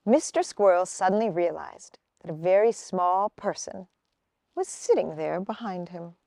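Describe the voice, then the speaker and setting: A woman reading a children's picture book aloud outdoors, unhurried and expressive. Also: lowish voice, gravelly, dry recording, clean studio sound. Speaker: storybook reader.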